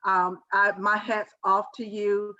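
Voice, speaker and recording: A woman with a mid-pitched voice chats in a friendly way as a guest. She often hesitates with "um". Her audio sounds dull and lo-fi. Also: level tone, takes it slowly, bright, forceful tone. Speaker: guest, vice principal. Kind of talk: casual chat.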